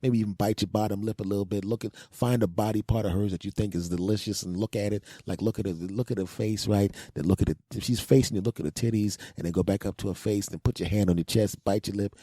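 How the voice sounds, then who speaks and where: A comedy podcast host rants in an exasperated, profane way and slips into acted-out scenes. His voice is husky and very dark, sitting low in pitch. The recording is close and dry. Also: quick pace, no room sound.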